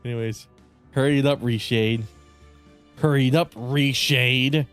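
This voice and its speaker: A man's voice: medium pitch, steady tone, unhurried, clear, resonant tone, faint music behind. A man streaming a video game in casual commentary, joking, swearing a lot and laughing often. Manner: profane, joking, frequent laughter. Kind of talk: casual gaming livestream commentary.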